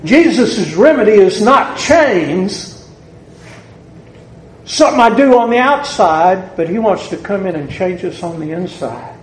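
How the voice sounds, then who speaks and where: A man with a Southern US accent preaching a sermon to a congregation in a church, deliberate and building to emphatic peaks. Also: high voice, sing-song, slight background noise. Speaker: pastor. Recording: echoey church room with faint ambience.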